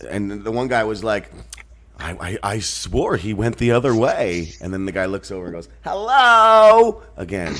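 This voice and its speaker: A man joining a casual online chat, rambling and joking, often jumping into high mocking voices. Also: moderate pace. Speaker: guest dropping in.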